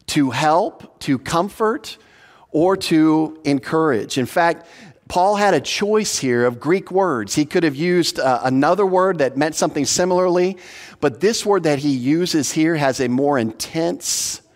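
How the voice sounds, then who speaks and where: A man's voice: fairly high pitch, animated, unhurried. A man preaching an expository sermon as pastor, earnest and teacherly, stressing points by repeating them. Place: church hall. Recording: long hall reverb.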